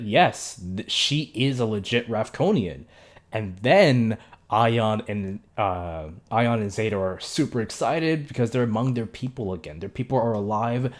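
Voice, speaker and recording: A young man talks through an episode recap in a loose, chatty way, stumbling and correcting himself as he goes. His voice sits at an ordinary middle pitch, and he slips into quick impressions of the characters. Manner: chatty, many fillers and self-corrections; mimics characters' lines in quick asides. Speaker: show reviewer.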